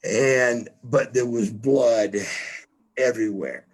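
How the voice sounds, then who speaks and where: A man's voice: medium pitch, slow, husky. A man, a podcast guest, telling a story casually, swearing often, stumbling over repeated words and acting out what others said. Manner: profane, repeats words, acts out quoted lines. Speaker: podcast guest, former wrestler.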